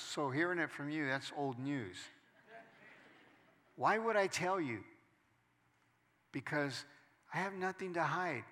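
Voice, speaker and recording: Bright-voiced male pastor preaching in a hall. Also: fairly high pitch, lively intonation, unhurried, pauses often. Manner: swings from quiet storytelling to loud preaching. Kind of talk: sermon.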